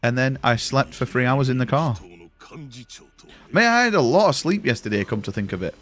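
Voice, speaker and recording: A young man talks to his live-stream chat from his room in a loose, rambling way, swearing freely as he goes. His voice sits at an ordinary middle pitch. Soft music plays quietly underneath. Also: animated, moderate pace. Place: home room.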